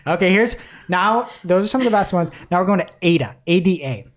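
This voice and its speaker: A woman's voice: fairly low pitch, expressive, a little fast. A woman co-hosting a casual marketing news podcast, chatting animatedly, often laughing and reading quotes aloud. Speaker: podcast co-host.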